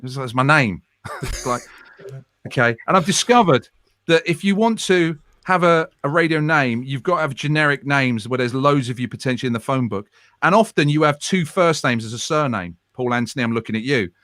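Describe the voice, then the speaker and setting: A radio presenter in his forties chatting as a guest, telling self-deprecating stories with quick, lively asides. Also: medium pitch, no echo. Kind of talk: casual storytelling chat. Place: home room.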